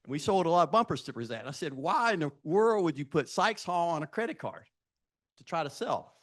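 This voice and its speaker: A man's voice: fairly high pitch, sing-song, a little fast, a bit bright. A man in his sixties speaking to students at a live event, telling self-deprecating career stories and asking the audience direct questions. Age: 60s. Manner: anecdotal, self-deprecating storytelling.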